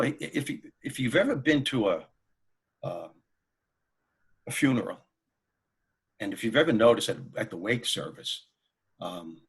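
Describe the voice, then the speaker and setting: A man who is a comedian and motivational speaker, telling anecdotes as a guest in an interview in an animated way. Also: on the low side, creaky, slightly rough. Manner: animated, anecdotal, laughs while telling stories. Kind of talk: storytelling in an interview.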